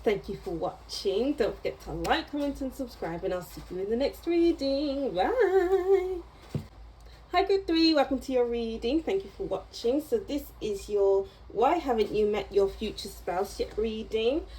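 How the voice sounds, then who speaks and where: A woman's voice: fairly high pitch, lively intonation, a little slow, warm tone, slight background noise, poor audio. A woman giving a casual tarot reading to camera, chatty and meandering, with small laughs as she goes. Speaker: tarot reader.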